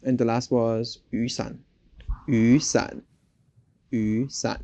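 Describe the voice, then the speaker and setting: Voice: medium pitch, level tone, slow, mellow. A co-host in a casual language lesson, curious, repeating phrases carefully after the teacher.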